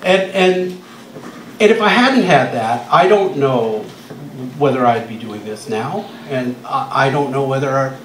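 An older man from Canada telling a lively story at an event, laughing and acting out the people he quotes. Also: mid-range voice, measured pace, slight background noise. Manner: animated, laughing, acts out quoted voices. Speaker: guest speaker telling a story. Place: music club, indoors. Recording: echoey club from far off.

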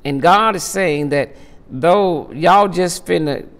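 A man's voice: fairly high pitch, slow, a bit bright. A middle-aged male pastor teaching a Bible study, emphatic, repeating his words and swelling into impassioned peaks. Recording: long reverb of a large hall.

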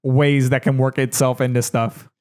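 A man's voice: medium pitch, flat delivery, moderate pace, darkish tone. Wisecracking young male podcast co-host. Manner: joking, wisecracking. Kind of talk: casual chat.

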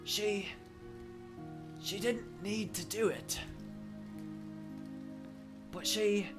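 A man's voice: high-pitched, extremely slow, music in the background, voice pushed up. A man voicing an old wise man in a vaguely Scottish accent, reading game dialogue aloud with a wavering, strained delivery. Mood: regretful. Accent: put-on Scottish.

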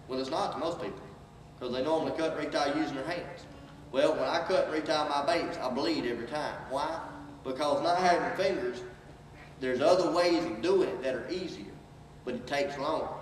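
A man's voice: mid-range voice, slight background noise. A man giving an inspirational speech, preaching with call and response that rises to emphatic peaks. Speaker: motivational speaker. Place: large hall. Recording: echoey hall from far off.

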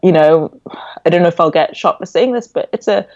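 A woman in her twenties with an English accent, raised in England after a Nigerian birth, telling stories as a podcast guest in an animated, reflective way. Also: fairly low pitch, fairly quick, no room sound. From born in Nigeria, raised in England. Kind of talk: casual interview chat. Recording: dull, dry lo-fi audio.

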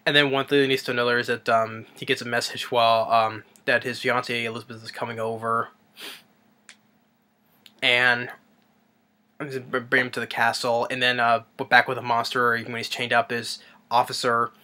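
A man's voice: medium pitch, little pitch movement, moderate pace, bright, forceful tone. A man casually recapping a movie in a rambling way, with lots of ums and restarts. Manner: rambling, with many fillers and restarts. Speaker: movie reviewer.

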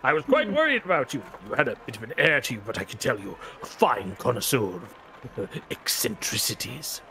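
A man's voice: mid-range voice, sing-song, fairly quick, creaky. A man voicing a fawning older male freak-show showman in a tabletop game, effusive and repeating his pleas.

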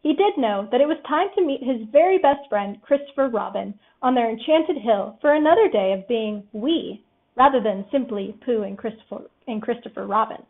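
A woman reading a children's storybook aloud in a gentle, expressive way. Her voice sits a little high. The recording is thin and tinny, like a phone line. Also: fairly quick, hardly any pauses.

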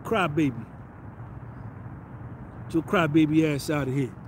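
A man's voice: a little high, unhurried, a little hiss or hum. A man hosting a podcast, delivering a blunt, confrontational, slangy rant. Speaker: podcast host. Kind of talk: ranting monologue.

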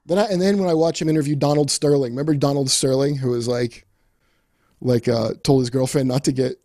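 A man's voice: mid-range voice, steady tone, fairly quick, warm tone, dry recording, studio quality. A man hosting a podcast in casual chat, ranting his opinions with plenty of swearing. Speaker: podcast host, comedian.

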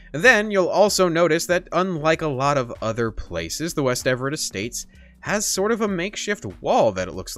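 A man's voice: mid-range voice, pushed and bright. A man hosting a gaming channel, giving playful, joking gameplay commentary in a chatty way.

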